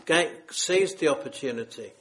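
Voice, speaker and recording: A man's voice: fairly high pitch, lively intonation, moderate pace, a bit bright. A man preaching a sermon, earnest and solemn, pleading with his listeners.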